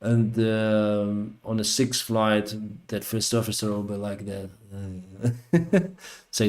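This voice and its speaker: Low-voiced man telling a casual story. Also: takes it slowly, darkish tone. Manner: rambling, with frequent fillers and acted-out quotes. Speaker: live-stream host. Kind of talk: casual live-stream storytelling. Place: home live stream.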